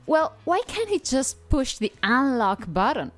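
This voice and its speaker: Woman podcast host: scripted lesson dialogue, slow and playful, with a lot of pitch movement. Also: sing-song, soft background music. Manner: cheerful and teasing, laughs often.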